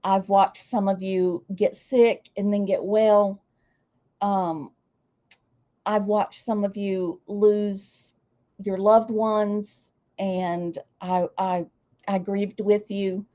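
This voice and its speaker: An older woman, chatting warmly and emotionally with her viewers as a streamer. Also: mid-range voice, flat delivery, very slow, highs cut off. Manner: warm, emotional, gushing. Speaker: streamer hosting a celebration. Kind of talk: casual chat to viewers.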